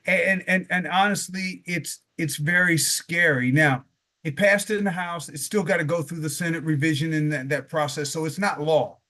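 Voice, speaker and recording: A man's voice: on the high side, steady tone, moderate pace, bright, forceful tone. A man co-hosting a casual political discussion, stammering and repeating words before he gets going. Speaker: podcast co-host.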